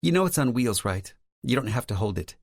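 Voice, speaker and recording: A man's voice: mid-range voice, very animated, a little fast, vocal fry, no room sound, studio quality, pitched above the performer's own voice. A male narrator voicing a teasing, sassy young woman in an audiobook, speaking in a playful, bantering way.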